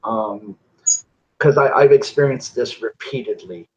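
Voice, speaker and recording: A woman with an extremely low voice hosts a casual podcast interview. She reacts briefly and slips in dry jokes. The recording sounds dull and lo-fi. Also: measured pace, slightly rough. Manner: relaxed, brief reactions, joking. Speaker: podcast host.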